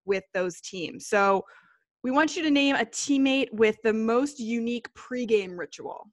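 A woman's voice: on the high side, a little slow, dry recording. A woman hosting an interview, asking friendly, upbeat questions and laughing easily. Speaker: interview host.

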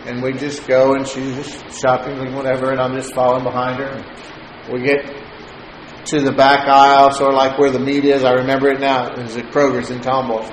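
A man telling a personal story in a sermon, chatty and halting, chuckling often. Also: mid-range voice, monotone. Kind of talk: sermon testimony. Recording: roomy echo, faint noise.

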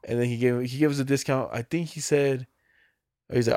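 A man's voice: medium pitch, steady tone, fairly quick, darkish tone, no echo, clean studio sound. A man in casual chat, telling stories by acting out quoted exchanges, swearing casually.

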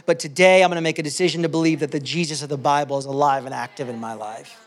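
High-voiced impassioned male preacher. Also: fairly even intonation, fast talker. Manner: impassioned, swinging between hushed asides and loud outbursts; conversational, with fillers and restarts. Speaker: pastor. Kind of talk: sermon.

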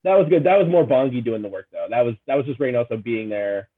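A man co-hosting a casual sports podcast, relaxed and a bit hesitant, with lots of fillers. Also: mid-range voice, fast talker, crowd noise. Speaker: podcast co-host. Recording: tinny phone-like line.

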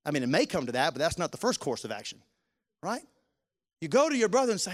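A man preaching a sermon as pastor, stretching key words slowly and climbing loud on emphasis, then dropping to a soft, low voice for prayers and asides. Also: big pitch swings.

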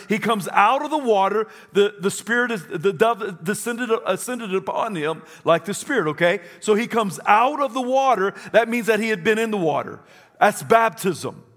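Preaching to a church congregation, a pastor presses his points emphatically and repeats lines for them to say back. His voice sits high and sounds a bit bright.

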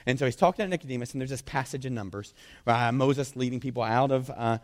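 A man preaching as a pastor, telling the story with animated energy and tossing in frequent "right?" asides. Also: mid-range voice, fast, long reverb tail. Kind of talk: sermon.

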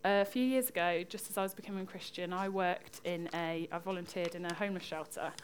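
A young woman preaches a chatty, joking sermon, trading back and forth with her congregation in a lively way. Her voice is fairly low and fairly quick, with a little hiss or hum in the recording.

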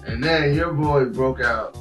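A man's voice: mid-range voice, unhurried, a bit bright, recorded from a distance, faint music behind, rough recording. A man co-hosting a casual podcast, talking loosely and profanely and telling stories with animation. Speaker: podcast co-host.

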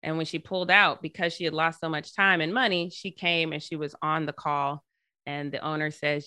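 A woman journalist telling stories in a casual interview, animated and acting out the people she quotes. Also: sits low, moderate pace, clear, resonant tone, no echo. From Colorado. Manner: animated, acts out quoted people in her story. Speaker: journalist guest.

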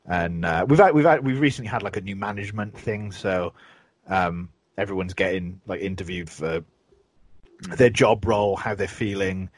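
A man with a low voice talks at a normal speed, with no room sound. He's a podcast host in casual chat, telling rambling stories and swearing a lot.

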